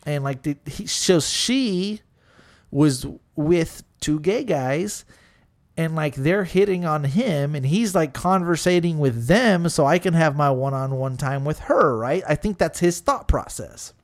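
A podcast co-host with a slightly high, unhurried voice casually tells a long story. He is animated and profane, swearing freely and acting out what his friends said.

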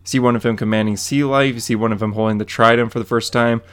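A man's voice: mid-range voice, fairly even intonation, fast, clean tone. A man co-hosting a podcast, recapping a comic issue in a rambling, casual way with lots of fillers and quoted dialogue. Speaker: podcast co-host.

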